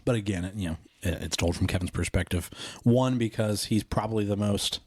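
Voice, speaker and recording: A man's voice: on the low side, a little fast, a little mellow, husky, no echo. A man co-hosting a podcast, retelling a film in a casual, rambling way, with lots of "you know" and "like". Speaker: podcast co-host.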